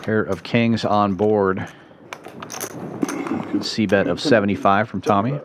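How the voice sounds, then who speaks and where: A man giving live poker play-by-play commentary in a brisk, playful way with puns, in a casino card room. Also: fairly low pitch, fairly even intonation, noisy background.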